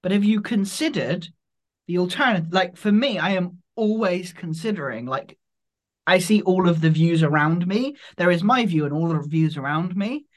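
A man's voice: high voice, expressive, moderate pace. Reflective man thinking aloud. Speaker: podcast co-host. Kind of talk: casual conversation.

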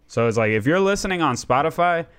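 A man's voice: a little high, lively intonation, fast talker, fairly bright tone, smooth. A man hosting a casual podcast, rambling along and swearing freely. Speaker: podcast host.

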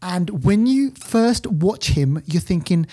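Animated man with a mellow voice. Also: high voice, slow. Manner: animated, rambling, laughing storyteller. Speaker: podcast host, film reviewer. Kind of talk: casual chat.

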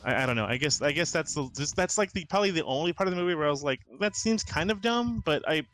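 A man's voice: a little high, very fast, fairly bright tone, faint music behind. A man co-hosting a podcast who chats casually about a film, asking questions and talking in hesitant, self-interrupting bursts. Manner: questioning, hesitant, many restarts and laughs. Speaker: podcast co-host. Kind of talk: casual film review chat.

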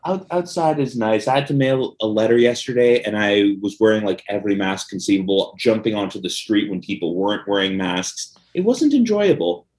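A man's voice: lowish voice, animated, a little fast, hardly any pauses, a little mellow. A man co-hosting a podcast in casual chat, joking, laughing often and rambling with fillers. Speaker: podcast co-host.

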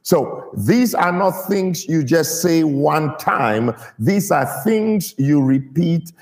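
A man's voice: fairly high pitch, expressive, takes it slowly, vocal fry, a little mellow, long reverb tail, soft background music. A man preaching a sermon to his church, stressing key words and getting the people to repeat them. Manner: emphatic, draws out key words and gets the congregation to repeat.

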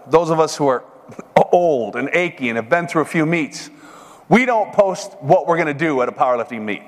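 Joking middle-aged man preaching in a hall. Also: fairly high pitch. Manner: folksy storyteller, joking. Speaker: seminar speaker. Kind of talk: sermon-style talk. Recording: long hall reverb.

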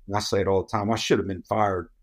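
Low-voiced podcast host, measured. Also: male voice, fairly even intonation. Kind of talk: casual podcast conversation.

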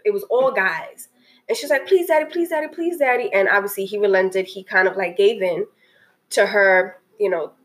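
A woman's voice: mid-range voice, rough recording. A woman talking casually and earnestly about a documentary that moved her, often restarting her sentences. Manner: earnest and emotional, many restarts. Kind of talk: casual spoken film review.

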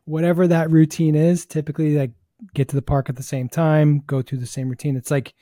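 A man's voice: on the high side, little pitch movement, fairly quick, dark tone, no echo, studio quality. A man hosting a baseball podcast, talking through ideas in a thoughtful, rambling casual chat. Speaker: host, hitting coach.

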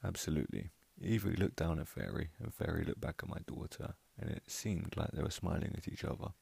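Very deep gravelly man telling a story. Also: brisk, no echo. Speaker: narrator. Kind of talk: storytelling reading. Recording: loud background music under voice.

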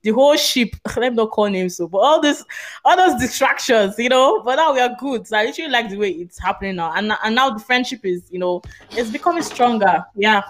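A woman's voice: on the high side, fast talker. A woman, chatting casually on a podcast and leaning on "literally" often. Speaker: podcast co-host. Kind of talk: casual fan chat.

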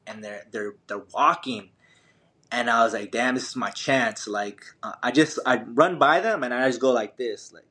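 This young podcast guest, an ultramarathon runner, shares a running story in a casual, slangy manner, peppered with fillers and restarts. His voice is medium in pitch and slightly bright.

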